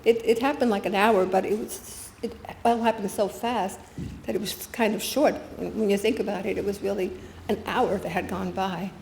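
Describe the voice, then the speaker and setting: Older woman, guest speaker, personal testimony, middle pitch, roomy meeting-room sound. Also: fairly even intonation, moderate pace, gravelly, hardly any pauses, a little mellow, slight background noise. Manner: earnest, storytelling with quoted dialogue. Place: spiritual center meeting room. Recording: echoey room with faint ambience.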